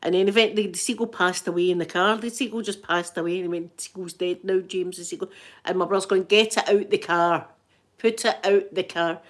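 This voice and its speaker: A woman's voice: mid-range voice, brisk. A Scottish woman hosting an ASMR livestream, chatting casually and acting out the people in her stories. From Scotland. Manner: animated, acts out the quoted people. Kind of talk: casual storytelling chat.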